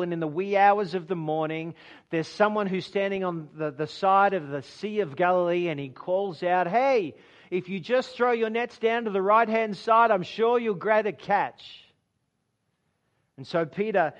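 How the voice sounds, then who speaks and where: During a sermon, a preacher acts out quoted lines as he tells a story with drama, going quiet and low to emphasize points. The sound is lo-fi.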